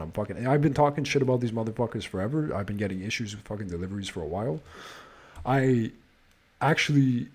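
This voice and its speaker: A man's voice: medium pitch, a little mellow, slightly rough. A man hosting a podcast, telling a casual story, swearing nonstop and sounding exasperated as he restarts his sentences. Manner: profane, swears constantly. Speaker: podcast host.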